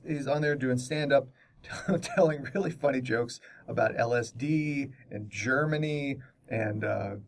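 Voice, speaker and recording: Guy rambling on a podcast, lots of restarts, bit far from the mic. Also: medium pitch. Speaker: podcast co-host. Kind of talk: casual chat.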